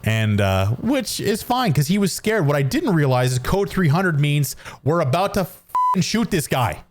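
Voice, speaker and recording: With a slightly high, sing-song voice and a measured pace, a Canadian man streams a game from home while loosely telling a story. He stays close to his studio dynamic mic, wandering off track, restarting lines, dropping fillers, and teasing himself.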